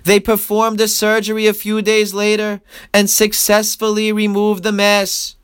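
High, flat-voiced man telling a story. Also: measured pace, clean tone, no room sound, clean studio sound. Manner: earnest, steady narration. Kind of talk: recounting an inspirational faith story.

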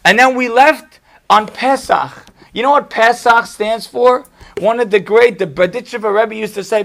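A rabbi with a high-pitched voice and a gravelly edge teaches a live class. He hammers his points home with short, punchy repetition and slips in wry asides. He is a middle-aged man. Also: a bit bright. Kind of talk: Torah class to a live audience.

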